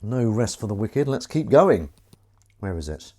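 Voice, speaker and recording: A man's voice: on the low side, very animated, normal speed, a little mellow, breathy edge. A man hosting a casual livestream, chatting and reading viewer comments while he washes dishes in his kitchen. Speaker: livestream host. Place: home kitchen at the sink. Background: clinking cutlery and running water.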